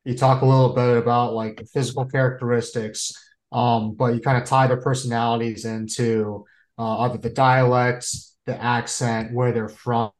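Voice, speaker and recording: A man's voice: medium pitch, level tone, moderate pace, low-quality recording. Chatty podcast co-host man. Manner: chatty, with filler words. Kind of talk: casual podcast conversation.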